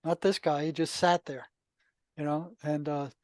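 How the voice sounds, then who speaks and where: An older man, a retired therapist, telling anecdotes in a relaxed, conversational podcast interview, full of asides. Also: on the high side, normal speed, no room sound. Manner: relaxed, anecdotal, many asides and "you know". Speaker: podcast guest, retired psychotherapist. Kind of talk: casual storytelling.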